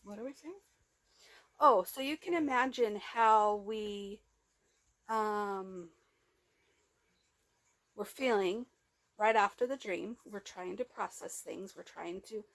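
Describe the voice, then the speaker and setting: A woman's voice: medium pitch, slow, pauses often, a bit bright, no room sound. A woman telling a raw personal vlog story into a handheld phone, rambling and emotional, with many restarts, speaking of herself as "we". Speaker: vlogger.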